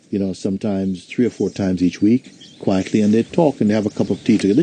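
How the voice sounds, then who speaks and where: A man, a spiritual teacher, giving a satsang talk and telling a story in a gentle, unhurried way. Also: lowish voice, slight background noise.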